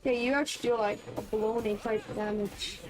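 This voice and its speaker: A woman's voice: fairly high pitch, steady tone, fairly quick, a little mellow, faint music behind, low-quality recording. A woman streaming a game in casual commentary, reading the on-screen text aloud between chatty reactions.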